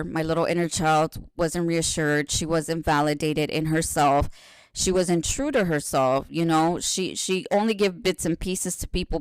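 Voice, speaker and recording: Smooth low-voiced woman telling her story. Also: no echo. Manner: frank and profane, rambling and self-correcting; swings between loud animated retelling and soft hushed confession. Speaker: podcast guest sharing her story. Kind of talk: candid personal storytelling.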